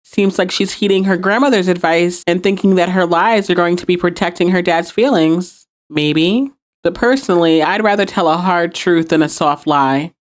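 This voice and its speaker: A woman's voice: lowish voice, normal speed. A woman hosting a podcast, recapping and reviewing a TV episode and acting out quoted lines. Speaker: podcast host.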